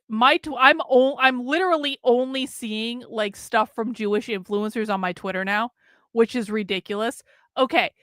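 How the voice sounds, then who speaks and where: Her voice on the high side, a woman runs a political commentary livestream after a few beers, casually cursing and mocking with sarcasm. She's animated throughout, and the sound is clean studio quality with no room sound.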